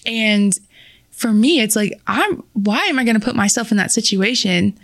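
A woman's voice: on the high side, normal speed, a bit bright, no room sound, studio quality. A woman co-hosting a podcast, speaking in an earnest, reflective way. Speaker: podcast co-host. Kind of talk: casual chat.

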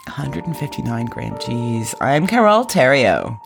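A woman co-hosts a casual podcast with a teasing, laugh-filled delivery. Her voice has a gravelly edge and a lively rise and fall, with faint music behind her. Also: very deep voice, measured pace. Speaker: podcast co-host.

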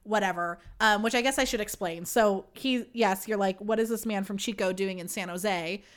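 A woman's voice: mid-range voice, normal speed. Young woman host, casual storyteller, chatty and profane, mid-range voice. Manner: chatty, swearing, heavy use of "like". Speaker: podcast host.

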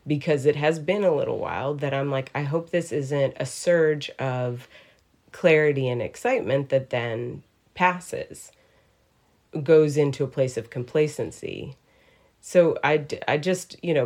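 Low-voiced animated woman podcaster. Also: unhurried. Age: 30s. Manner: animated, emphatic, laughs easily. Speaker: podcast co-host. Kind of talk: casual conversation.

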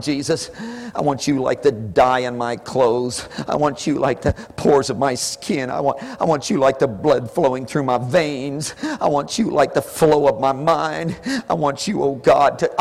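Male preacher, fervent rhythmic pleading, hushed to shouted, recorded in a reverberant hall. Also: medium pitch. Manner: impassioned pleading prayer, swinging from hushed to shouted; repetitive, rhythmic calls. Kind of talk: sermon. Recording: echoey hall with long reverb.

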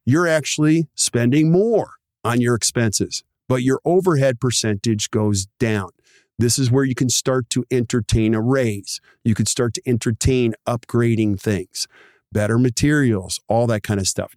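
A mid-range male voice, recorded dry with studio quality. He hosts a podcast, energetically explaining practice numbers and acting out little dialogues. His manner is animated, with quick asides where he voices other people.

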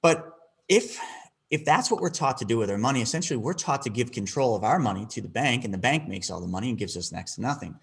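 A husky-voiced man speaks as a financial advisor in an interview. He tells his story with lively energy, acting out the quoted dialogue. His voice has a rough, breathy edge at an ordinary pitch. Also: fast talker. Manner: animated, acts out quoted dialogue.

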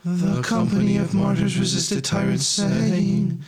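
A man chanting liturgical hymns slowly and solemnly as a reader. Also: high voice, flat delivery. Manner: slow, measured, solemn chanting. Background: loud instrumental music.

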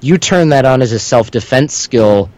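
A man's voice: mid-range voice, lively intonation, moderate pace, darkish tone, no room sound, low-quality recording. A man speaking as a guest instructor, telling stories in a rambling, conversational way and briefly acting out the voices of people he quotes. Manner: rambling, self-described windbag; acts out quoted voices within anecdotes. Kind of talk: conversational storytelling.

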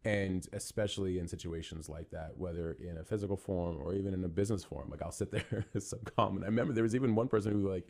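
A man hosts a podcast in a low voice and tells animated stories. He laughs often and puts on the voices of the people he quotes. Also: quick pace, vocal fry, hardly any pauses. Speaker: podcast host. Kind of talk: conversational podcast interview.

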